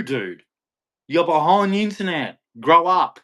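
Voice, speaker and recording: A man's voice: a little high, lively intonation, normal speed, a bit bright. A middle-aged Australian man hosting a live stream, taunting viewers in a combative rant full of "dude". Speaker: livestream host.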